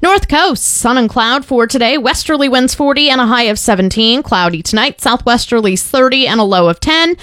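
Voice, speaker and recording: A woman reading the news and weather on a radio station, in a crisp, brisk scripted delivery. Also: a little high, animated, a bit bright, no echo. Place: radio studio.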